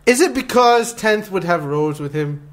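A man's voice: high-pitched, expressive, moderate pace. A young man co-hosting a casual podcast, chiming in with short laughing remarks. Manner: brief, laughing interjections. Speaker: podcast co-host. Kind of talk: casual chat.

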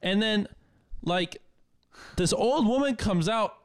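A man's voice: high-pitched, lively intonation, takes it slowly, smooth, no echo. A young man from the American Midwest, co-hosting a podcast, telling a bar story in casual chat with laughter and swearing. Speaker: podcast co-host.

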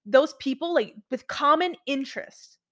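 A woman's voice: sits high, expressive, normal speed, dry recording, studio quality. A young woman in her twenties chatting casually with a friend, rambling with many restarts and fillers. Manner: rambling, heavy use of "like", frequent restarts. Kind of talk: casual chat.

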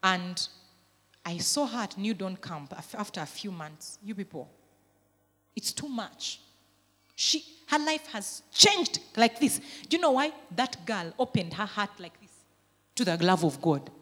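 A woman pastor preaching a sermon, with emphatic swells of intensity that drop back to quieter, conversational stretches. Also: medium pitch, sing-song, unhurried, big-room sound.

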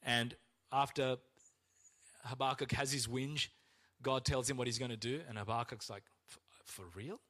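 A man's voice: moderate pace, long pauses. A man preaching a sermon as pastor, acting out complaints to God in a raised, strained voice. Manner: animated, acts out complaints to God in a high strained voice.

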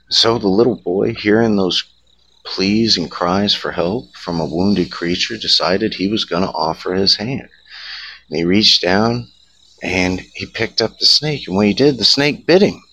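Host: man, low and bright-toned, folksy campfire storyteller, crickets chirping behind. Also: measured pace, rough recording.

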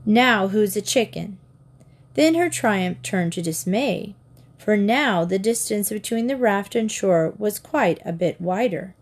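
A woman narrating a children's storybook in a calm, measured reading. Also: mid-range voice. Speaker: audiobook narrator.

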